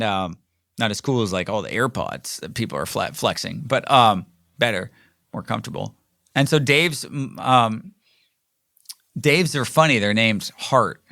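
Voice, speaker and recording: A middle-aged man, hosting a podcast and telling a rambling, animated story with lots of fillers and restarts. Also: mid-range voice, dry recording, clean studio sound. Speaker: podcast host. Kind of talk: casual storytelling monologue.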